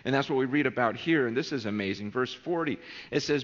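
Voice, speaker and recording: A man's voice: medium pitch, fast talker, lo-fi sound. Earnest preacher man, echoey hall. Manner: earnest, animated, with restarts. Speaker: pastor. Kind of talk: sermon.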